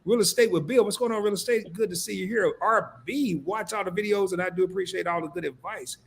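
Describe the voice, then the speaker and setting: A man's voice: high-pitched, fast, gravelly, a little hiss or hum. A man hosting a live stream, reading viewer comments aloud and joking with his co-host in casual banter.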